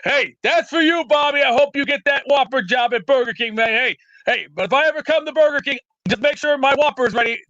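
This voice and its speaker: A man with a strikingly high, bright voice blusters and rants like a tough guy. He phones in over a dull, lo-fi internet line. The sound is dry, with no room echo. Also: fairly quick, few pauses. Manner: brash, loud, rambling tough-guy bluster. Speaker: show caller. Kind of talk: comedic call-in rant. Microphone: remote internet call. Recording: lo-fi internet call audio.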